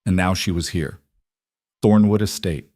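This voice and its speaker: A man narrating a story in a measured, scripted audiobook style. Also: deep voice, a little mellow, dry recording, clean studio sound.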